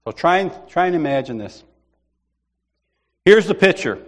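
Male preacher, higher voice, lively, comic storytelling sermon. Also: normal speed. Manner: animated storyteller, acts out voices, laughs often.

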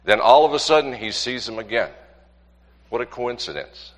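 A man's voice: medium pitch, animated, normal speed, in a large hall. A man preaching to a congregation, asking rhetorical questions and repeating points for emphasis. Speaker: pastor. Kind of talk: sermon with congregation.

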